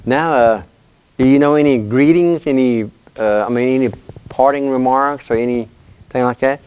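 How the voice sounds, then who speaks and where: A man teaching a language class, talking in a relaxed, chatty way and laughing often. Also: medium pitch, moderate pace, smooth, lo-fi sound. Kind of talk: classroom lesson.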